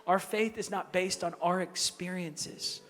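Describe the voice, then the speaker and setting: A male pastor voicing a grieving, gentle man of faith, speaking quietly and tenderly. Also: high-pitched, steady tone, measured pace. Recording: echoey hall with music underneath.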